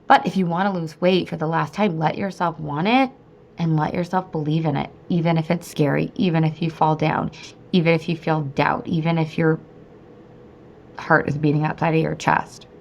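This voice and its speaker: A woman in her thirties talks through a solo motivational podcast in a slightly low voice. She is chatty and upbeat, peppering her talk with fillers and leaping into high, excited bursts. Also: moderate pace, gravelly, muffled recording. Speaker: podcast host and weight-loss coach.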